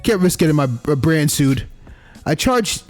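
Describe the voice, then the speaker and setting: A man's voice: on the high side, big pitch swings, unhurried, faint music behind. A man reading a visual novel aloud, voicing a boastful, ruthless young female influencer in a sassy, condescending tone. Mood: smug.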